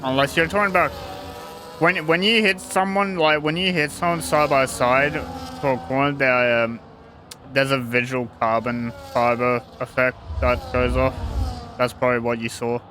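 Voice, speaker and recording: A man's voice: mid-range voice, fairly even intonation, normal speed, noisy background. A young man giving casual live commentary on an online sim racing league, rambling and restarting sentences. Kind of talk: live esports race commentary.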